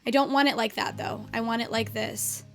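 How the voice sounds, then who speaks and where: High-voiced woman streamer, chatty and cussing. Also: fairly even intonation, fairly quick, a bit bright. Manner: chatty, swears at the game, talks to viewers. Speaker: streamer teaching game photo mode. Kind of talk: casual live-stream chat. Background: faint guitar music.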